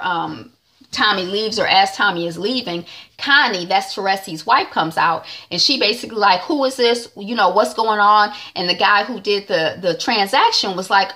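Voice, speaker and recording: A woman's voice: fairly low pitch, pushed and bright. A woman recapping a TV episode in a chatty way, acting out the characters' lines. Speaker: TV recap vlogger.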